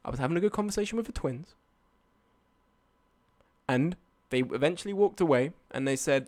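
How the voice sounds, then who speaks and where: A man's voice: on the high side, lively intonation, brisk, pauses often, darkish tone. A young man telling a night-out story on a live stream, swearing and arguing back at his chat. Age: young adult.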